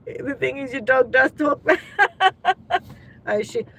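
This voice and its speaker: Australian woman, livestream host, casual chat, bright voice, laughs often. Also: high voice, normal speed, husky, poor audio. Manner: chatty, laughs often, talks to viewers by name.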